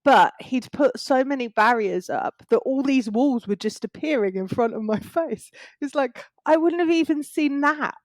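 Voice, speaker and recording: A woman's voice: high voice, lively intonation, moderate pace, few pauses, no room sound. A woman on a video call from her home in Spain, explaining things earnestly as an interview guest, with small laughs. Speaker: guest, space clearing practitioner.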